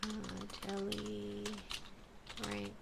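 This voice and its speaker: A woman's voice: mid-range voice, monotone, drawn-out words, gravelly. A woman streamer chatting casually to her audience, muttering and grumbling while fixing her stream settings. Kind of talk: casual live-stream chat. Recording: loud background noise with keyboard clicks.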